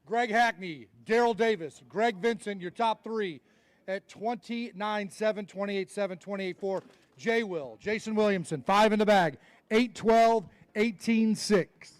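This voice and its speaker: Speaking a little slowly in a high voice, a man hosts a fishing tournament weigh-in outdoors, calling out each angler's weights and bantering with them as the live announcer.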